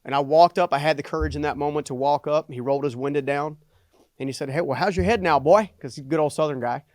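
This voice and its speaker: A middle-aged man, a guest on a podcast, telling a personal story in an animated way and often adding "right?" for emphasis. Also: a little high, fast, dry recording, clean studio sound. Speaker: guest, entrepreneur and motivational speaker.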